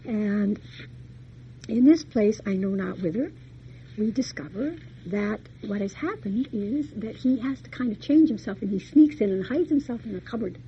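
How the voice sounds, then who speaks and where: A woman's voice: a little high, animated, moderate pace, dull audio, a little hiss or hum. Chatty woman lecturer retelling a tale. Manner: folksy, chatty retelling with asides. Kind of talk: storytelling lecture.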